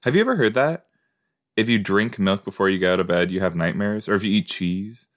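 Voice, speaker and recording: A man's voice: deep voice, animated, brisk. A man hosting a casual watch-along podcast, thinking aloud in a playful, rambling way with many fillers. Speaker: podcast host reacting to a TV episode.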